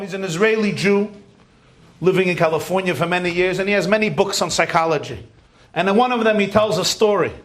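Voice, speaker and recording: A man's voice: high-pitched, fairly bright tone. A rabbi giving a lecture to a large audience, telling stories animatedly and joking with his listeners. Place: community center hall.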